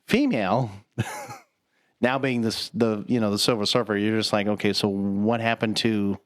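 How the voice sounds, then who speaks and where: A man's voice: on the low side, measured pace, no echo, clean studio sound. A man co-hosting a casual podcast chat, rambling with lots of fillers and casual swearing. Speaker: podcast co-host.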